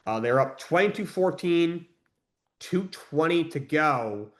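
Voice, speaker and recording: A man's voice: a little high, expressive, a little slow, slight background noise. A man hosting a sports podcast, recapping games in casual talk, rambling with fillers and restarts and giving blunt opinions.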